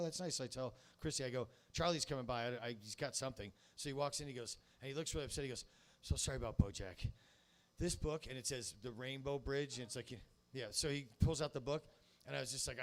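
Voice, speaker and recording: A man doing a rambling stand-up comedy set on a handheld mic in a live venue, telling absurd stories with a deadpan, profane delivery. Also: medium pitch, rough recording. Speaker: stand-up comedian and show host. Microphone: handheld stage mic.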